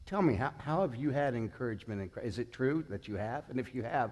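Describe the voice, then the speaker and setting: Man in his sixties preaching in a hall. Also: fairly high pitch. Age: 60s. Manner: conversational, asks the congregation questions. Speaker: pastor. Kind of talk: sermon.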